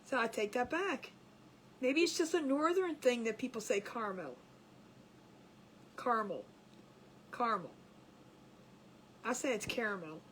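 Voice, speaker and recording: Giggly high-voiced woman hosting a craft stream. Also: expressive, normal speed, a little hiss or hum. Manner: giggly, chatty, reads viewer comments aloud. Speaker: craft livestream host. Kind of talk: casual live crafting chat with viewers.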